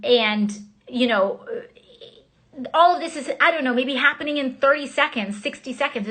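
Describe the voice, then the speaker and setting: Woman lawmaker, slightly high voice, telling her story in quick, halting bursts on a phone livestream. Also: pushed and bright. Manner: rapid, halting retelling full of fillers and restarts. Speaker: member of Congress. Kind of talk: casual first-person recounting on a livestream.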